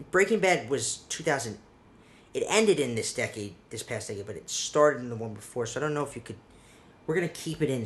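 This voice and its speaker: A man hosting a solo podcast in casual chat, rambling with restarts and casual swearing. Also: mid-range voice. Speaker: podcast host.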